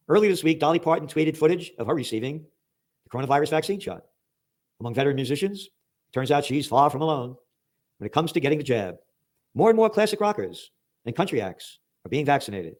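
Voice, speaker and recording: A man's voice: fairly high pitch, darkish tone. An American man hosting a political commentary show, reading news headlines aloud and ranting about them with sarcastic, emphatic outbursts. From United States.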